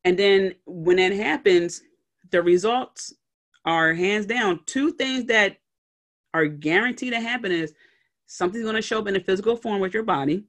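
A woman's voice: mid-range voice, moderate pace. A woman hosting a solo podcast, giving conversational motivational advice and checking in often with her listeners. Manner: conversational, checks in often with "okay?" and "all right?"; acts out little scenes with brief put-on voices. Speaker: podcast host and life coach.

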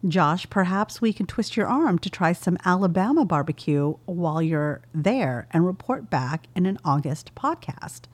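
Lady podcast host reading an email, lowish voice, dry close mic. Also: sing-song, moderate pace, few pauses, no echo. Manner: amused, laughs while reading.

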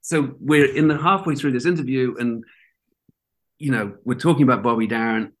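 A man's voice: mid-range voice, moderate pace. A man, a documentary producer who did not grow up in America, telling a story in casual chat and acting out the voices in it. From outside America. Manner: animated, acts out voices in anecdotes.

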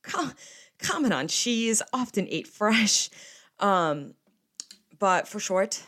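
A woman's voice: mid-range voice, animated, slow, fairly bright tone. A young woman, hosting a podcast in a rambling, casual chat full of swearing. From New Jersey. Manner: chatty and rambling, with frequent swearing. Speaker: podcast host.

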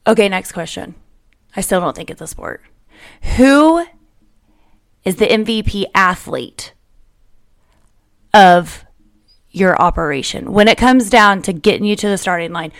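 A woman's voice: medium pitch, animated, no room sound, clean studio sound. A woman in her thirties hosting a podcast, chatting casually and teasing her guest. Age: 30s. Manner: teasing, playful, quick to laugh. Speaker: podcast host. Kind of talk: casual chat.

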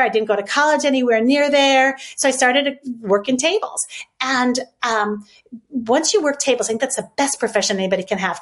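A woman in her sixties from the United States, a podcast guest telling her life story in a chatty, animated way with many fillers. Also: fairly high pitch. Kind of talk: casual storytelling interview.

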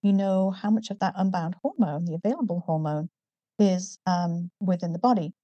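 A middle-aged company founder from Newcastle in northeast England appears as a guest in a casual interview, explaining things in a measured way with frequent ums. Her northern English accent has been softened by years in America, her pitch is fairly low, and the recording is dry and lo-fi.

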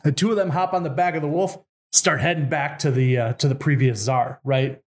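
A man's voice: a little high, a little fast. Chatty man retelling a folk tale. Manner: animated, chatty, laughs often, slangy. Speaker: storyteller.

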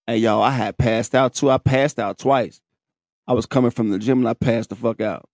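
A man telling his own story in casual, profane, animated talk, laughing and breaking into high shouts. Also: normal speed, no room sound, clean studio sound.

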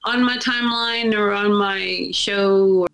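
A woman's voice: medium pitch, measured pace, low-quality recording. A woman hosting a casual podcast chat, telling stories with emphasis and acting out what other people said. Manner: animated storytelling, acts out quoted people; emphatic, repeats points. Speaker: podcast host.

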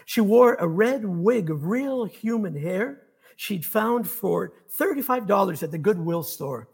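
A man reading his own fiction aloud at a steady, measured pace. His voice sits high for a man and carries a gravelly, husky grain. The delivery is that of an author at a reading. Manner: measured storytelling.

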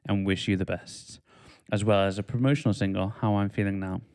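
A man's voice: deep voice, steady tone, fairly quick, darkish tone, clean tone. A man hosting a casual podcast chat, reading album facts aloud and laughing at clumsy wording. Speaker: podcast host.

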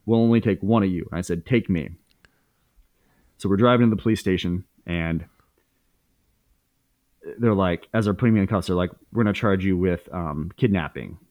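A man's voice: low voice, moderate pace, long pauses, a little mellow, dry recording, highs cut off. A man in his thirties as a podcast guest, candidly telling a story in casual speech, swearing freely with many fillers and restarts.

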